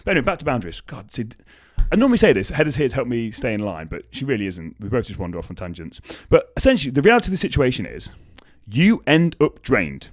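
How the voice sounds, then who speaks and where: Young male podcast host, lively pitch, casual and profane motivational talk. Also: quick pace, no echo. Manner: swears freely, animated storytelling with acted quotes.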